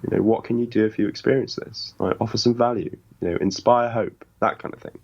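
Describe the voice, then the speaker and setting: A man's voice: lowish voice, fairly even intonation, brisk, creaky, a little mellow, husky, lo-fi sound. A man with a British accent, a life coach speaking in an interview in an emphatic, earnest, motivational way. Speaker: podcast host and life coach guest. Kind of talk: interview conversation.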